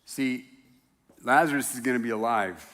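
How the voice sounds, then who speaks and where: Animated man preaching in a reverberant hall. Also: medium pitch, normal speed. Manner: conversational and animated, with self-deprecating humor. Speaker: pastor. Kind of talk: sermon. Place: church sanctuary.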